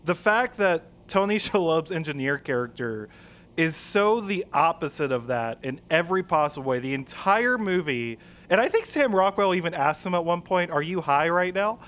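A man's voice: fairly high pitch, animated, normal speed, a bit bright. A man co-hosting a casual podcast, enthusiastically retelling favorite movie scenes. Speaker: podcast co-host. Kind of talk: casual film discussion.

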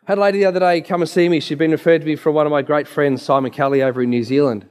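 A man with a slightly raised pitch gives a slide presentation as a naturopath. He tells anecdotes with emphatic delivery and blunt asides. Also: steady tone, rapid-fire, a little mellow. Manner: emphatic, storytelling.

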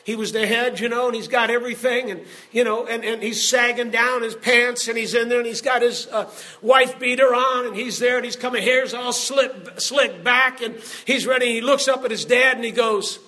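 Man, preacher, sermon, emphatic storytelling, shouted exhortation, very high voice, bright tone. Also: fairly even intonation, normal speed.

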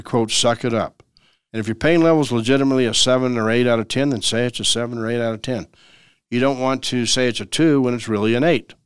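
Male attorney radio host of middling pitch, emphatic and repetitive, dry close sound. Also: clean tone, dry recording. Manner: emphatic and repetitive, acts out everyday dialogues. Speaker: lawyer hosting a legal radio show. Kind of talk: conversational legal advice talk.

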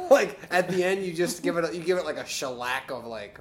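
A man's voice: on the high side, animated, fairly quick, a bit bright, a little hiss or hum. A man co-hosting a casual podcast in a garage, bantering with frequent laughs and self-deprecating jokes. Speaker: podcast co-host. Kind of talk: casual chat. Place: home garage.

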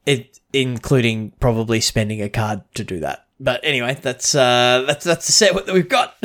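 A man's voice: mid-range voice, expressive, a little slow, fairly bright tone. A man co-hosting a podcast in casual chat, rambling with frequent restarts and tangents. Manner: rambling, restarts a lot, chatty with lore tangents. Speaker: podcast co-host.

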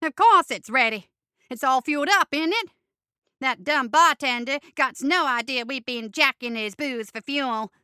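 A woman reads aloud as a gleeful male creature villain from a storybook, pitched up and loud, boasting in crude slangy grammar. The voice is bright and crisp, with a dry close sound. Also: unhurried, no echo. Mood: gleeful, boastful.

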